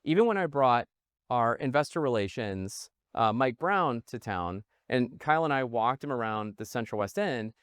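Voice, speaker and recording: A man from the Midwest giving an energetic investment presentation, often checking in with listeners and calling them "guys". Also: medium pitch, normal speed, clear, resonant tone, no room sound, studio quality. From Midwest United States. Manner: animated, punctuates with "okay?", addresses viewers as "guys". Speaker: real estate investor pitching a fund.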